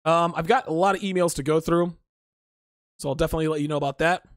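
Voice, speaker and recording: A man's voice: on the high side, fairly even intonation, fast, no echo, clean studio sound. A grown man hosting a casual livestream, reading chat comments aloud and answering them bluntly and profanely, often laughing. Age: adult.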